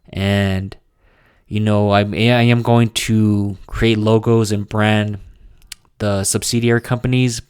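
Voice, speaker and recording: A man's voice: on the low side, clean tone, dry recording, clean studio sound. A young man casually talking through updates on his small businesses, hesitant and full of restarts. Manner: slow, halting delivery with frequent restarts and fillers. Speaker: small business owner vlogging.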